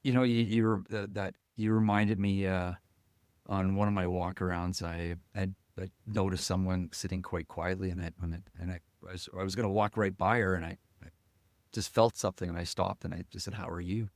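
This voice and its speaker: A man with a low, grounded voice speaks as a podcast guest. He tells his stories haltingly, restarting phrases and dropping soft asides. The sound is close and dry, with no room around it. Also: flat delivery, no echo. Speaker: guest, company chief executive. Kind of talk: conversational storytelling in a podcast interview.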